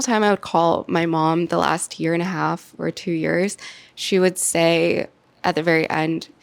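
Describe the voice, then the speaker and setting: A woman's voice: lowish voice, fairly even intonation, unhurried, vocal fry, dry recording. A young woman in her twenties sharing a personal life update on her vlog, heartfelt and emotional, with many "like"s and "um"s. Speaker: YouTuber and podcaster.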